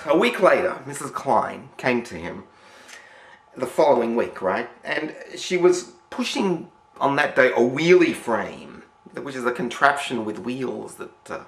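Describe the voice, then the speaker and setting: A man's voice: medium pitch, sing-song, unhurried, creaky. A man with an Australian accent telling a story casually, rambling with many fillers and restarts. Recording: roomy echo.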